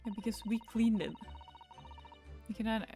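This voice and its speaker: A woman's voice: on the high side, steady tone, moderate pace, warm tone, soft background music. Chatty woman streamer who laughs often. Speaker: live streamer. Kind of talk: casual live-stream chat while gaming.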